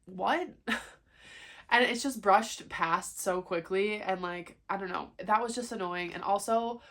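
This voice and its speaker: A woman's voice: mid-range voice, measured pace, fairly bright tone. A young woman vlogging casually about her reading, talking in a chatty, frustrated way with lots of fillers. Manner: chatty, frequent "like", frustrated rant. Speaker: book vlogger. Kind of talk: casual chat.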